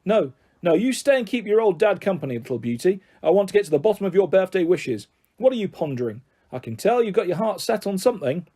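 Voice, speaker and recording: Guy putting on a sneering bully dad, fake-friendly then nasty, raised mellow voice. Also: high voice, big pitch swings, quick pace, breathy edge, pitched above the performer's own voice, exaggerated voice. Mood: coaxing. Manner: taunting, mock-jovial then harsh. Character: bullying middle-aged father, menacing and sneering.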